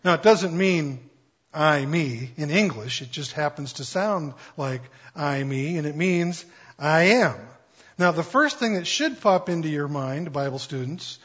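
A man's voice: fairly high pitch, lively intonation, unhurried, fairly bright tone, breathy edge, muffled recording. A man preaching a sermon in a conversational, playful way, acting out quotes with jokes. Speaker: pastor.

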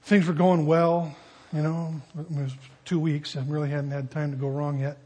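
Male pastor with a high-pitched, husky voice, conversational sermon style with jokes. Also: little pitch movement, normal speed, a little mellow. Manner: conversational, joking asides.

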